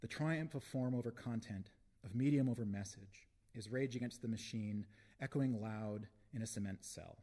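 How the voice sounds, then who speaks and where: A man giving a live poetry reading in a concert hall, slow and deliberate with dramatic pauses, into a stage microphone. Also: medium pitch, warm tone. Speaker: poet.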